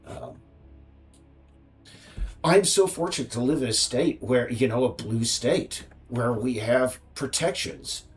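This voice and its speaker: Ranting man with a lively voice. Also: mid-range voice, takes it slowly, faint music behind. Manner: ranting, with frequent restarts and fillers. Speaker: game developer streamer. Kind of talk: casual rambling livestream.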